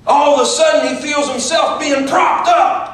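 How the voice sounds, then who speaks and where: A man preaching a dramatic storytelling sermon, swinging from shouted peaks down to hushed, breathy near-whispers. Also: very high voice, steady tone, moderate pace, distant mic. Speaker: pastor. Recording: very echoey room, picked up from afar.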